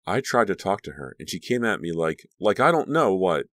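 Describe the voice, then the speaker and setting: A man voicing a jealous, hostile teenage girl who snaps threats, in a low voice. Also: sing-song, a little fast, a bit bright, no room sound, studio quality. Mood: breathless. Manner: snapping and threatening.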